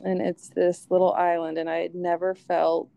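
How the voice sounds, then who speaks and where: A woman's voice: lowish voice, little pitch movement, moderate pace, creaky, warm tone, clean tone, dry recording, dull audio. A woman who is a guest on a podcast, chatting casually and trailing off between thoughts with many fillers. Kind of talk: casual interview chat.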